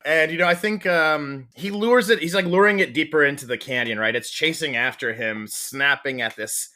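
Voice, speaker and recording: A man's voice: on the high side, normal speed, sharp tone. A man acting as game master, describing the scene at length with lots of restarts and fillers. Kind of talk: narrating a tabletop game.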